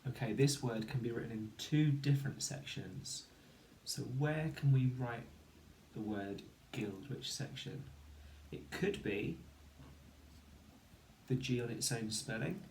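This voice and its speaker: Slow, patient male phonics teacher. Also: mid-range voice, expressive, a little mellow, roomy sound, slight background noise. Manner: slow, counting and sounding out letters. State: hay fever. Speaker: primary school teacher. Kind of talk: phonics lesson for children.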